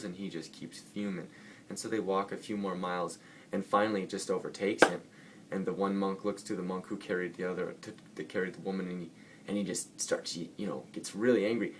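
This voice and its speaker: A man's voice: deep voice, steady tone, a little fast, a little hiss or hum. A man vlogging casually about spiritual ideas. He rambles playfully and often corrects himself mid-sentence. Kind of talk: casual spiritual talk to camera.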